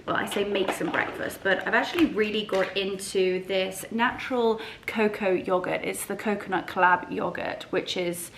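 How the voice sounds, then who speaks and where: A woman's voice: mid-range voice, fairly even intonation, moderate pace, few pauses, fairly bright tone, echoey room, slight background noise. Bubbly woman chatting at home. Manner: bubbly and gushing, sing-song baby talk to her dogs. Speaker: lifestyle vlogger. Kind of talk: casual chatty vlog to camera. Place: at home, kitchen.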